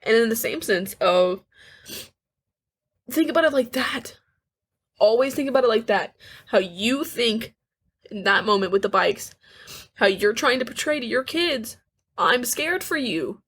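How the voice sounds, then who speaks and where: An eighteen-year-old woman co-hosting a candid podcast, talking earnestly and haltingly, with frequent restarts and nervous little laughs. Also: a little high, animated, fairly bright tone, slightly rough. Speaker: podcast co-host.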